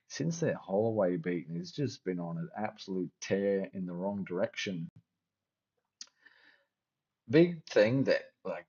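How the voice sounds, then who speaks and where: Mellow-voiced man joking through fight picks. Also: sits low, lo-fi sound. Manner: jokey, rambling, teasing asides. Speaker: MMA fight-picks host. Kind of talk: casual fight-prediction chat.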